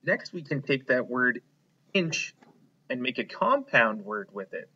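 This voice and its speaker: A man teaching a phonics lesson to young children, slowly prompting them to repeat words and praising them. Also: mid-range voice, sing-song, sharp tone, husky, lo-fi sound. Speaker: kindergarten teacher.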